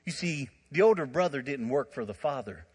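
A man preaching a sermon, telling stories in an animated way with frequent laughter and asides. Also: mid-range voice, brisk, husky, in a large hall. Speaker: pastor.

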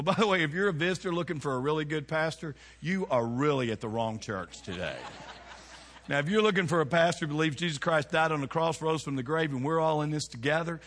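Man, pastor, folksy sermon, rhetorical questions, fairly high voice, long church-hall reverb. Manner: folksy, animated preaching with rhetorical questions to the congregation. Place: church sanctuary.

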